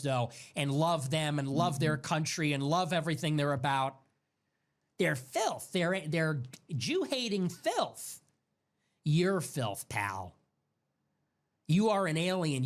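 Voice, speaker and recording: A young man's voice sits fairly high and swings widely in pitch as he rants through a streamed political monologue. He is emphatic and scornful, hammering home points by repeating them. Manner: emphatic, contemptuous, repeats phrases for stress.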